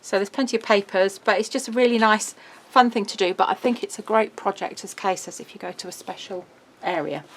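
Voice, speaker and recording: A woman's voice: mid-range voice, slight background noise. A middle-aged woman, presenting a craft album in a casual, bubbly walkthrough. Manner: chatty, bubbly, quick laughs.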